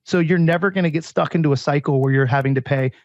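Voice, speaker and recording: A chatty man pitching his product with story after story, acting out what his customers said. His voice sits a little high and sounds dry and close, but dull and muffled, as if it came over a remote link. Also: fast talker, no room sound. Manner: chatty storyteller, repeats "he goes". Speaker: air purifier company president. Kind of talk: sales pitch with anecdotes.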